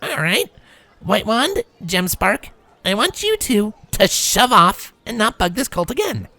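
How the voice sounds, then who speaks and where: A man's voice: sits high, sing-song, a little slow, sharp tone, dry recording, voice pushed up, heavily acted. A man voicing a brash, blunt young pegasus mare in a fanfiction reading, with a raised, teasing voice. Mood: stern.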